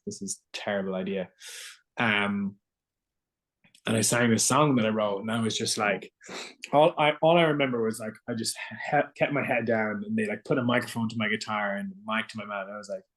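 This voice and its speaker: Low-voiced man telling a rambling story. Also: a little fast, a bit bright. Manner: rambling storytelling, heavy filler words. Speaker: guest singer-songwriter. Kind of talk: casual interview chat.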